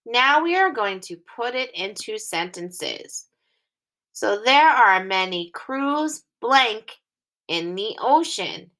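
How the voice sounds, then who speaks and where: A young woman teaching a recorded phonics lesson to small children. Her bright voice moves up and down a lot as she reads each sentence slowly and carefully, phrase by phrase. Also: on the high side, expressive. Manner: slow, clearly enunciated reading, sentences read aloud in phrases.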